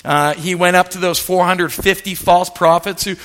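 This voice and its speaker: A male pastor preaching with playful humor, retelling a story in an animated, joking way. His voice is high and has a bright, forceful edge. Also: moderate pace. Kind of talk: sermon.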